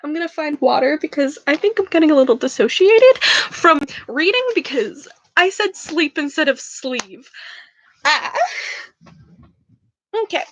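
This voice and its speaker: A woman's voice: high voice, expressive, measured pace, pauses often, fairly bright tone, dry recording. A young woman reading a novel aloud for a book club, stumbling over words and making casual remarks about her reading.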